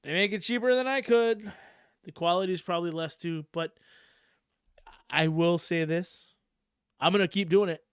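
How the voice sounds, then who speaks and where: A man hosting a casual podcast, talking in an animated, profane way and laughing often. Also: high voice, moderate pace, pauses often, clear, resonant tone, dry recording, studio quality. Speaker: podcast host.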